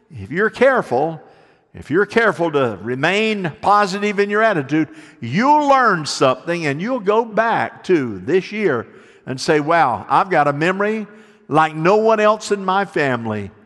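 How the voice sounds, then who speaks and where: A man preaching a sermon, telling folksy stories and slowing down to drive points home. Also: a little high, fairly bright tone, big-room sound. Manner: folksy storytelling preacher, slows for emphasis. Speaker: pastor.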